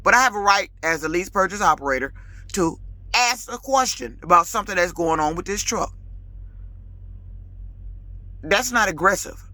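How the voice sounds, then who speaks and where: A lease-purchase woman trucker talks straight to camera in a casual vlog rant. Her voice is bright and forceful, emphatic and quick to get heated. The sound is dry, with no room around it. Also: mid-range voice, lively intonation, dry recording. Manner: emphatic, authoritative, gets loud and heated; colloquial, repeats words when fired up.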